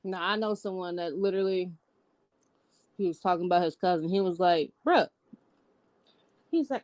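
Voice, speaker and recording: A woman co-hosting a casual podcast, lively and blunt, laughing as she tells stories. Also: fairly low pitch, normal speed, long pauses, no echo. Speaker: podcast co-host.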